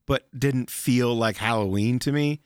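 A young man with a Midwestern accent co-hosting a casual chat show, animated and fond of reading descriptions dramatically. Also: mid-range voice, unhurried, clean tone, no room sound, studio quality. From Chicago area. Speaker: podcast co-host.

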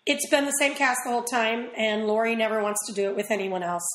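A woman talks as an interview guest in a loose, rambling way, full of quick asides. Her voice sits a little high. The room around her is echoey. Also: fairly bright tone. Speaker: actress guest. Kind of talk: casual interview chat.

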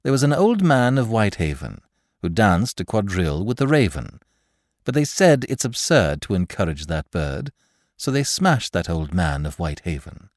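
A man voicing a flippant, theatrical aristocratic gentleman detective in a storybook reading. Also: on the low side, very animated, normal speed, dry recording, studio quality. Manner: breezy, theatrical, whimsical. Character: flippant aristocratic young male sleuth.

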